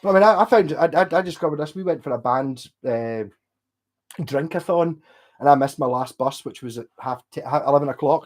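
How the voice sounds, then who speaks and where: A man's voice: fairly high pitch, a little fast. Drunk rambling Scottish man. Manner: rambling, sweary, ranting. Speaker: livestream host. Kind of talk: casual late-night livestream chat.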